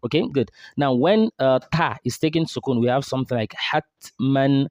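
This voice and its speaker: A man's voice: mid-range voice, lively intonation, darkish tone, no room sound. Man teaching recitation, dry sound. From Nigeria. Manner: slow drawn-out model syllables, repeated drills. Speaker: tajweed teacher. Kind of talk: recitation lesson.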